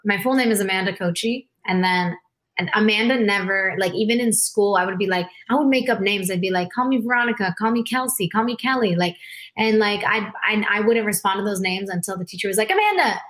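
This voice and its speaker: A woman singer, a guest in a casual interview, telling stories with animated energy, lots of "like" and quick laughs. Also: medium pitch. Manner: animated storyteller, frequent "like", laughs a lot; acts out quoted voices.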